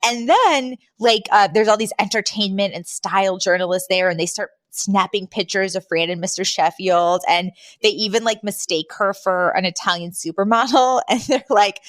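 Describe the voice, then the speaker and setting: A woman co-hosting a podcast, casually retelling scenes and jumping into higher voices for the quotes. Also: a little fast, hardly any pauses, no room sound. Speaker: podcast co-host. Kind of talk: casual recap chat.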